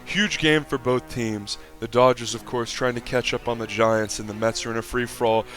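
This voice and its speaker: A man doing mock play-by-play commentary over a game clip and ranting in a profane, exasperated way, sometimes breaking into shouts of excitement. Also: medium pitch, normal speed, faint music behind. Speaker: online video commentator.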